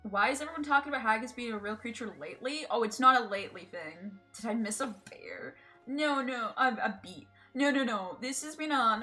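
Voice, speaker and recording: Scottish woman streaming games, bright voice, chatty and sweary, laughs a lot. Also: medium pitch. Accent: Scottish, between Edinburgh and Glasgow. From Scotland. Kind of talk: casual live-stream chat while gaming.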